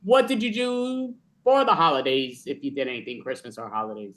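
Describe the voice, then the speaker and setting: A man's voice: mid-range voice, a little fast, fairly bright tone. A man hosting an improv comedy show over a video call, talking in loose, rambling phrases.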